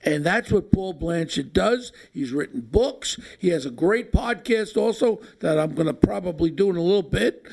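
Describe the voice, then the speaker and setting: A man's voice: high-pitched, vocal fry. A brash, joking man with a New York accent hosting a podcast in casual chat. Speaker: podcast host.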